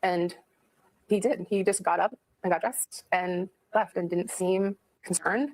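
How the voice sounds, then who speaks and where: A woman in an interview telling a personal story in a halting way, with lots of fillers. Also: on the low side, steady tone, darkish tone, rough recording.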